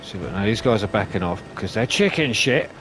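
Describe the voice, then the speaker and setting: A man commentating his own gameplay, swearing and shouting at enemies as he plays. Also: on the low side, brisk, noisy background. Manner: sweary, excitable, talks to enemies. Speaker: gaming YouTuber. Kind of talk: let's play commentary. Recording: game music behind voice.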